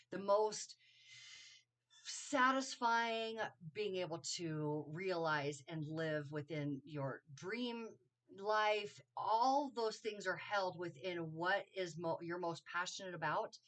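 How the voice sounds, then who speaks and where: A woman's voice: on the low side, slow pace, fairly bright tone. A woman giving a casual spiritual astrology talk, rambling and correcting herself with lots of ums and okays. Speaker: astrology teacher. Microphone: solo video to camera.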